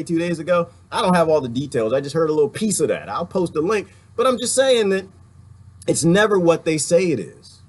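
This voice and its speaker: A middle-aged man hosting casual commentary, laughing often and mocking others by putting on voices. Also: a little high. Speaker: political commentary host. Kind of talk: casual live-stream commentary.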